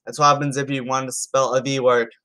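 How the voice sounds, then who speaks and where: A man's voice: medium pitch, flat delivery, fast, sharp tone, clean tone. A YouTuber chats loosely and with amusement as he reads out text messages. His commentary is casual and unscripted, and he often trips over words and starts his sentences again. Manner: chatty and amused, stumbling over words and restarting.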